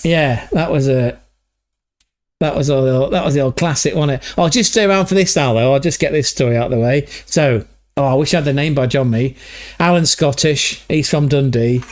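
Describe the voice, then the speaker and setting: A man's voice: mid-range voice, brisk. Sweary English man hosting a stream. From England. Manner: rambling, sweary storytelling. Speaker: livestream host. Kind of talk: casual chat.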